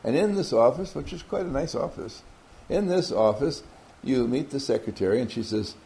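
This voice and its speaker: A man's voice: mid-range voice, lively intonation, normal speed, gravelly, mellow, low-quality recording. A man giving a motivational talk, telling a story animatedly and often laughing. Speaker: motivational speaker.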